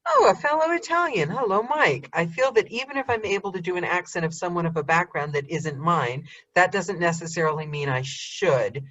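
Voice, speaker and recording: Brief: woman host, casual and animated, frequent restarts, slightly lo-fi call sound. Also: low-pitched, a little fast, few pauses. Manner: chatty, animated, restarts often, laughs a lot. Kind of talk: casual interview chat.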